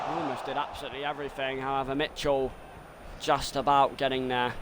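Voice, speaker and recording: A man streaming a football game, commentating live and swinging between muttering and excited shouting. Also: mid-range voice, fairly quick, background noise.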